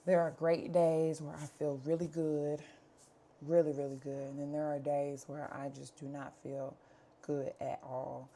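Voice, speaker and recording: A woman's voice: low voice, flat delivery, unhurried, dark tone, slight background noise. A woman, talking candidly to camera at home in a chatty, earnest way with plenty of fillers. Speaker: vlogger. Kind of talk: candid life-update talk to camera.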